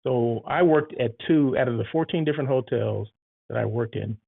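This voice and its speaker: A man's voice: mid-range voice, moderate pace, gravelly, breathy edge, no echo. A man talking in a casual vlog monologue, chatty and frequently checking in with the listener. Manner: chatty, keeps checking in with "right?" and "okay?". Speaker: hotel site selection planner and vlogger. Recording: tinny phone-like sound.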